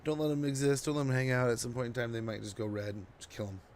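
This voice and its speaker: A sleepy man chats his way through a strategy game on a live stream, rambling loosely to viewers. His voice sits at an ordinary middle pitch, with faint room noise behind him. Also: little pitch movement, fast, darkish tone. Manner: chatty and rambling, talking to chat while playing. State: drowsy. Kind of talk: casual gameplay commentary.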